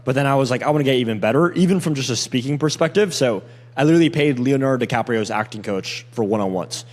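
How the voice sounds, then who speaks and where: A young man in casual chat about sales closing, talking quickly and acting out sales call lines. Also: medium pitch, big-room sound. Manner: fast, animated, acts out sales call lines. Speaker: sales closer.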